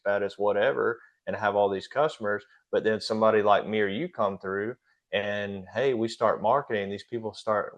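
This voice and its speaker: A man speaking as a guest in a casual podcast conversation about his business, plainspoken and easygoing. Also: lowish voice. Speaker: guest, pressure washing business owner.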